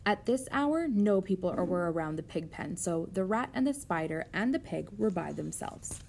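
A woman reading a children's novel aloud in a steady, gentle way. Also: lowish voice, moderate pace, creaky, slight background noise. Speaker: narrator.

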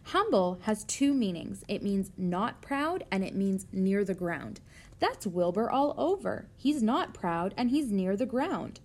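Woman doing a wise gentle spider, calm, soft, tender, storybook reading, mid-pitched voice. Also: a little slow. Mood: explaining.

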